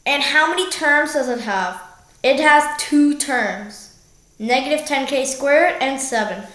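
A woman's voice: high voice, a bit bright. A young woman casually walking through algebra problems, correcting herself along the way and joking now and then. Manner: slow, self-correcting, jokey. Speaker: math tutor. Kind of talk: casual math walkthrough. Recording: echoey room.

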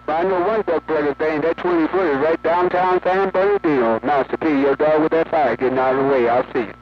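Man, folksy radio chatter, higher voice, dull lo-fi sound with static. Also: steady tone, quick pace. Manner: talkative, folksy and repetitive. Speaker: radio operator. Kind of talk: casual on-air radio chat.

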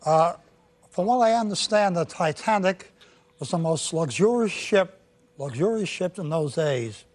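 A man's voice: high voice, animated, measured pace, a little mellow. A man in his seventies, a game show contestant, chatty and joking with lots of exuberance. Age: 70s. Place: TV studio.

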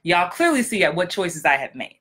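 Woman, acting coach, blunt and direct, emphatic repetition, bright tone. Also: on the low side, big pitch swings, brisk. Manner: frank, emphatic, repeats for effect. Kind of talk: motivational vlog talk.

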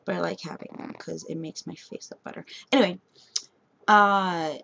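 A woman's voice: fairly even intonation, normal speed, gravelly, a bit bright, highs cut off. A young woman with a New York accent, ranting into her camera from her bedroom late at night, swearing constantly and swinging from rambling and sleepy to fired up. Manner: sleepy, rambling and low-key. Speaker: vlogger.

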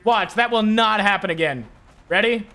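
A man streaming a video game live, talking through his play with excitable commentary and frequent swearing. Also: sits high, normal speed. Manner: excitable, swears often, shouts at enemies.

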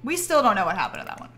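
Young female streamer, lively and high-pitched, wry exasperated chatter to chat. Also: slight background noise. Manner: exasperated, joking running commentary to chat. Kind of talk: live game stream commentary.

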